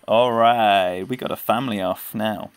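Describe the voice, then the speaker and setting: A man's voice: on the low side, a little slow, clean tone, no echo. Chatty man streaming a game. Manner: chatty, greets viewers by name, laughs easily. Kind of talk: live gameplay commentary, chatting with viewers. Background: faint game music.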